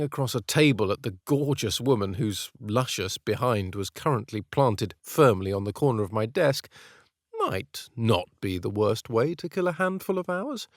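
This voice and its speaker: A man's voice: medium pitch, expressive, normal speed, no room sound. A man with a British accent narrating an audiobook in the first person, with a dry, clipped, aristocratic manner.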